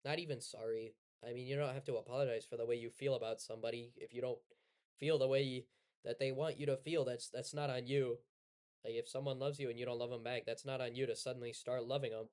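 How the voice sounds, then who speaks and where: A man's voice: medium pitch, flat delivery, fast talker, darkish tone, clear, resonant tone, no room sound, studio quality. A man casually rambling in sarcastic commentary over gameplay, often correcting himself. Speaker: streamer.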